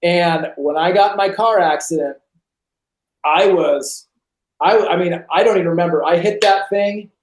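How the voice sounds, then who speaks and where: A man, a podcast guest on a video call, telling a personal story in an animated way and acting out the voices of others. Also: high voice, moderate pace. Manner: animated, acts out quoted voices. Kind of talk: storytelling testimony. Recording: roomy echo on a video call.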